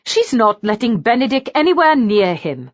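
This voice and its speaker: A woman narrator voicing a gentle young woman who speaks soothingly. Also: fairly high pitch, big pitch swings, normal speed, dry recording, highs cut off, pitched above the performer's own voice.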